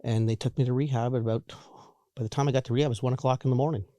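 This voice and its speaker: A man in his forties telling his own recovery story in a halting, candid way, often repeating words and restarting. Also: medium pitch, steady tone, mellow, no echo, studio quality. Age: 40s. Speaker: guest sharing recovery story.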